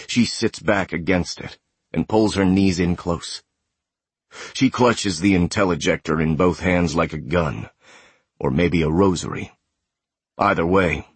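A man narrating an audiobook thriller in a steady, measured, tense way. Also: low voice, breathy edge, dry recording.

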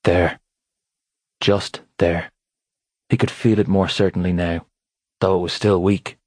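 A male narrator reads a novel in a measured, steady way, his voice very low with a husky grain. The sound is dry and close, with no room around it, as in a studio booth. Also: no echo. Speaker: audiobook narrator. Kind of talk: scripted narration.

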